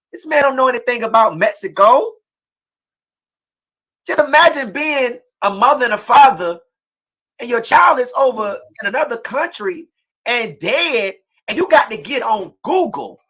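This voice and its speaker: A woman hosting an impassioned livestream talk show, preaching and often shouting in outrage. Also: a little high, animated, moderate pace, slightly rough. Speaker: host.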